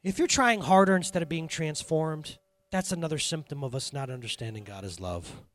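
Animated preaching man, lively pitch. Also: brisk. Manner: animated storytelling, swinging from quiet intensity to loud laughing bursts. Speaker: pastor. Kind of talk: sermon.

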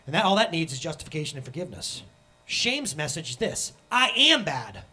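Guy preaching, pretty high husky voice, big swoopy delivery, acts out voices. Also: lively intonation, fast talker, bright, forceful tone. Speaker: pastor. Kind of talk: sermon.

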